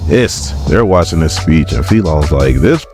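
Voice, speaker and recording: A man's voice: rumbling low, lively intonation, measured pace, music in the background. A man hosting a casual comic book recap, chatty and joking.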